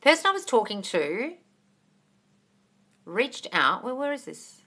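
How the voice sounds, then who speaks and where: A woman's voice: on the high side, big pitch swings, slow, pushed and bright, husky. A woman hosting a casual livestream Q&A as a manifestation coach. She reads viewer comments aloud and answers bluntly, swears freely and calls her viewers darling.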